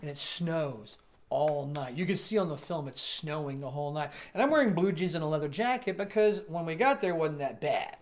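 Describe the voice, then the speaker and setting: A man's voice: on the high side, a little fast. A man casually telling a funny story about a film shoot, laughing often and acting out the people he quotes. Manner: animated, laughing, acts out quoted voices. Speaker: podcast guest actor.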